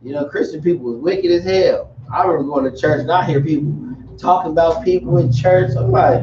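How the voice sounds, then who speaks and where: Speaking a little fast in a voice on the high side, a man teaches religion in a relaxed, meandering way, tossing in jokes. Background noise comes through on a dull, echoey recording made from far away.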